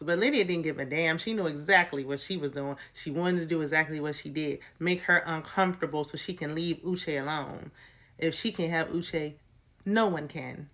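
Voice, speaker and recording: A woman vlogger giving a sassy, animated, slangy recap of a dating show, with plenty of exclamations. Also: sits low, moderate pace. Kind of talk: sassy casual recap commentary.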